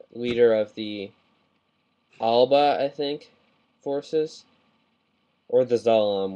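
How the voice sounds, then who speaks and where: A man with a mid-range voice rambles through a casual review, excitable and quick to correct himself. He is recorded on a plain webcam mic, with a faint hiss underneath. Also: mid-range voice, poor audio. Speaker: model kit reviewer.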